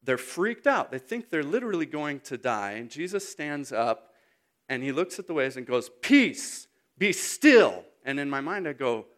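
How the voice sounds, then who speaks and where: A man in his thirties delivers a sermon in an animated storytelling way, acting out scenes and now and then breaking into sudden loud bursts. His voice sits at an ordinary middle pitch for a man. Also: moderate pace. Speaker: speaker.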